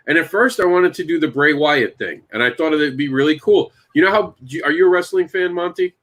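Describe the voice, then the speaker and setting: A man hosting a casual chat, telling long animated stories and addressing his co-hosts by name. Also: fairly high pitch, brisk. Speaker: podcast host and comic creator.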